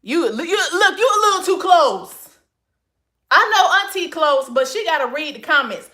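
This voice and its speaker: A woman's voice: sits high, animated, normal speed, pushed and bright. A woman hosting a casual livestream from her phone, reading comments and answering in a sassy manner, calling everyone honey. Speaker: livestream host.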